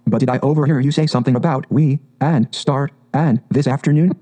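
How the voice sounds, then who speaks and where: A man's voice: mid-range voice, fast talker, warm tone, lightly acted. A man voicing a sensible, stubborn male water rat who speaks in a dry, blunt way. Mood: sceptical.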